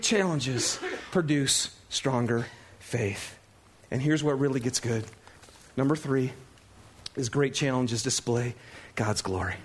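A pastor preaching a sermon, talking to the congregation like friends and swinging from hushed, low delivery to excited shouting. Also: male voice, slow, pauses often, husky. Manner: conversational, addresses congregation as "you guys".

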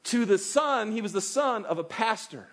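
Animated preacher, man with high voice. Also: normal speed. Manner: animated, acts out quoted voices of God and listeners. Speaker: pastor. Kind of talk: sermon.

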